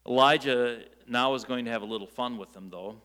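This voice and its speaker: A man preaching a sermon, telling the story in a lively way with rhetorical questions and light jokes. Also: mid-range voice, fairly quick, in a large hall. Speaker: pastor.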